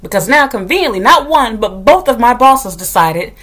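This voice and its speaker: A woman, a substitute teacher, telling a story to the camera as a casual rant, blunt and full of slang and swearing, getting loud as she recalls scolding. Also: fairly high pitch, normal speed, husky. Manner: animated, gets loud when retelling scolding.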